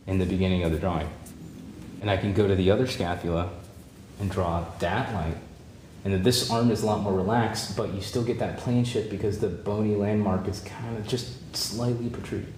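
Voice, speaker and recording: A man teaching a drawing demonstration, relaxed and encouraging, thinking aloud as he draws and repeating key points. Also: lowish voice. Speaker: art teacher. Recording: roomy with faint background noise.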